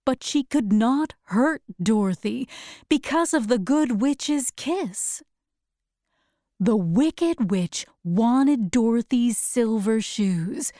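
A woman narrating a storybook in slow, clear, careful reading. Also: a little high, darkish tone, no echo, clean studio sound.

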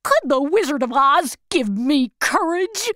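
A woman's voice: high-pitched, very animated, unhurried, fairly bright tone, no room sound, studio quality, pitched above the performer's own voice, heavily acted. A woman doing a tearful cowardly lion. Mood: sad, tearful. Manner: tearful, pleading. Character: sad cowardly male lion, big and timid.

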